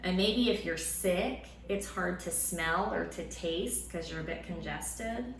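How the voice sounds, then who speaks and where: A woman teaching a Sunday school lesson to children at home, in a lively, encouraging way. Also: lowish voice, slow pace, gravelly, a little hiss or hum. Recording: roomy room sound with faint ambience.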